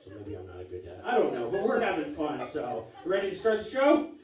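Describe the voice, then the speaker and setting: A man's voice: a little high, huge pitch swings, fast talker, very noisy. A man in his forties doing a live stand-up set, punchy, wry and profane. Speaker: stand-up comedian. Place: live comedy club stage. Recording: echoey room from far off. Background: audience laughing.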